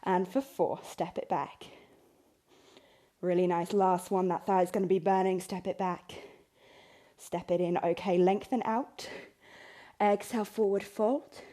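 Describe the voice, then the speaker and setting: A woman's voice: fairly low pitch, steady tone, a little slow, long pauses, warm tone. A woman teaching a yoga class, calling out poses, breaths and counts in an encouraging way. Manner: encouraging, counts reps aloud. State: out of breath at times. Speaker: yoga instructor. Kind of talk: guided yoga class cues.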